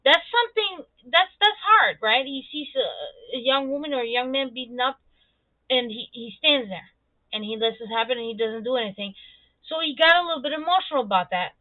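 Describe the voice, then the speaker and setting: A woman's voice: sits high, expressive, a little fast, no room sound. Blunt, profane woman on tinny audio. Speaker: streamer. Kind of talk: casual opinionated monologue.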